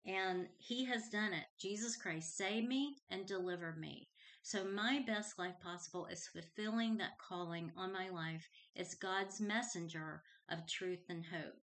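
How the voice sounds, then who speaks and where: A woman's voice: mid-range voice, unhurried, a bit bright. A middle-aged woman hosting her own Christian podcast, talking earnestly and heartfelt as she shares a personal testimony. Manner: earnest and heartfelt, reads scripture aloud. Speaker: podcast host.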